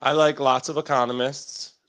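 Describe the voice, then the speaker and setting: A man's voice: mid-range voice, moderate pace. A man who works as a market strategist, trading wry jokes with his co-host on a casual market show. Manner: lively, wry banter.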